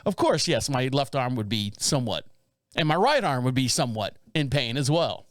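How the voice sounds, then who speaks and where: A man in his fifties, co-hosting a casual home-studio chat and telling rambling, animated stories with frequent laughs. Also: medium pitch, normal speed, no echo. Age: 50s. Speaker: podcast co-host.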